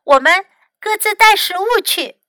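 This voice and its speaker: A woman's voice: extremely high pitch, animated, a little slow, sharp tone, dry recording, voice pushed up, exaggerated voice. A woman voicing a brave, eager young animal in a bilingual storybook reading.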